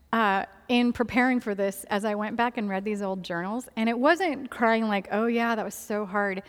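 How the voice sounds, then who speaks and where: A woman's voice: a little high, fairly bright tone. Woman giving a testimony in a reverberant hall. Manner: candid and conversational, with frequent ums and small laughs. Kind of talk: personal faith testimony talk.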